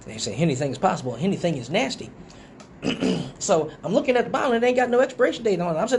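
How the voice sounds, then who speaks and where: Animated man telling a story. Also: quick pace, slight background noise. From Detroit. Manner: animated, profane, acts out quotes in a higher voice. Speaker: live stream host. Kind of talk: casual storytelling.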